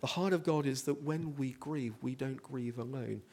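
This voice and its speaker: A man's voice: medium pitch, normal speed, darkish tone. A man preaching a sermon, earnest, building to emphatic rhetorical questions.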